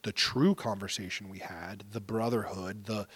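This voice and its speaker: A man's voice: fairly low pitch, steady tone, moderate pace, fairly bright tone, slightly rough. Earnest man in his thirties, swearing. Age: 30s. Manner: earnest, openly emotional, swears casually. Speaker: podcast guest. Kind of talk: casual storytelling interview.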